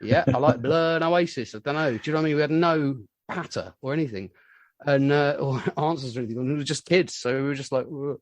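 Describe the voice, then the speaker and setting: A man, a musician, telling rambling anecdotes in a casual interview and getting animated when he acts out what others said. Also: on the high side, fast talker, dry recording. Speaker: musician guest.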